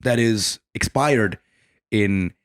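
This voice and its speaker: A man co-hosting a comedy podcast, telling animated, profane stories and laughing often. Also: lowish voice, very slow. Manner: animated storyteller, laughs often, swears freely. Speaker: podcast co-host. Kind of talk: casual comedic chat.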